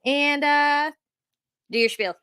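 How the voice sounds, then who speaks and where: A woman's voice: high voice, fairly even intonation, slow pace, pushed and bright, dry recording, clean studio sound. A woman co-hosting a podcast interview, easygoing and giggly. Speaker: podcast co-host. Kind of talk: casual interview chat.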